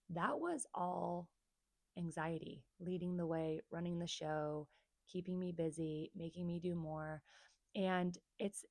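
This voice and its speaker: A woman's voice: lowish voice, darkish tone, no echo. A woman therapist telling her own story to the camera, earnest and confiding, speaking straight to her viewers. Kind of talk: personal story vlog to camera.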